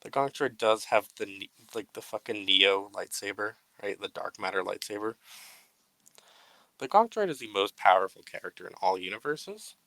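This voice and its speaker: Guy with a bright punchy voice, dry close mic, goofy over-the-top speeches and lots of swearing. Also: on the low side, expressive, moderate pace, no room sound, low-quality recording. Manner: mock-grandiose speeches, swearing, laughing at himself. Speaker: podcast co-host. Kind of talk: casual unedited chat.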